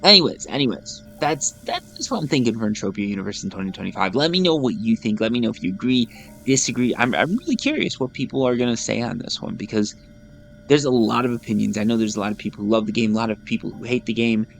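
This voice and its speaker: A man's voice: medium pitch, lively intonation, fast talker, gravelly, fairly bright tone, soft background music. A man in his thirties hosting a gaming channel, chatting casually over gameplay in a rambling, self-deprecating way and often repeating his words. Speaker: gaming YouTuber host.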